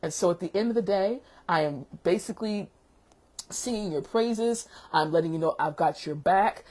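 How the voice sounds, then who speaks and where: A woman teacher hosting a casual chat vlog, an animated storyteller who calls people baby and sweetheart. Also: lowish voice, normal speed. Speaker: teacher and show host.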